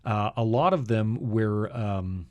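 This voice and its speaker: A man's voice: lowish voice, slow pace, highs cut off. A man hosting a casual Bible talk show, joking around and then lecturing firmly on history and scripture. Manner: jokey, lively storyteller who lectures with conviction. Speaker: host.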